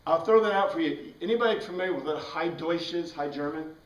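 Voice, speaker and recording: A man leads a Bible class in an easy, conversational way, tossing questions to his students as he goes. His voice sits a bit high. He is picked up from across an echoey room. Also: fairly quick, far from the mic. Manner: conversational, asks the class questions, frequent "right?". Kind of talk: informal classroom lecture.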